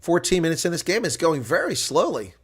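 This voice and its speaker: A man hosting live reaction commentary on a rugby match, calling the play and shifting from calm analysis to excited shouting on big moments. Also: a little high, fairly quick, breathy edge.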